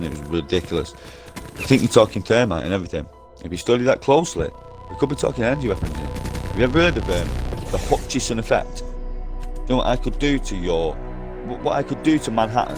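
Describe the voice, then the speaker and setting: A man in an online game party chat, ranting nonstop in a profane, repetitive and insistent way over a headset. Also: deep voice. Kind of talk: rambling conspiracy rant.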